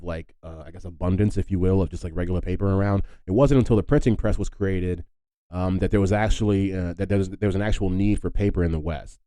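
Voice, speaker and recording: A very deep, mellow-voiced man talks through a solo podcast in a loose, rambling way, full of fillers and "if you will." He drops in wry, joking asides. The sound is close and dry. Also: no room sound, poor audio. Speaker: podcast host. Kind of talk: casual solo podcast talk.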